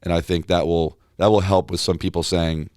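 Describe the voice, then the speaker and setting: A man talking as a podcast guest in a studio, telling stories with excitable energy and quick restarts. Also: low voice, dry recording. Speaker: podcast guest, company founder. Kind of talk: casual podcast chat.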